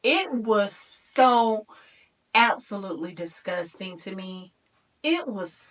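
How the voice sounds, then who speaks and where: A woman in her thirties telling a personal story to her viewers in a lively, chatty way, talking to them as y'all. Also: medium pitch, takes it slowly, far from the mic. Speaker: vlogger.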